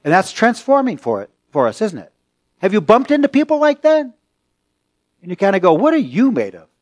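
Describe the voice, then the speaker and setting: A male pastor preaching a sermon, slow and deliberate, with pauses and rising emphasis. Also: sits high, wildly swooping pitch, no echo.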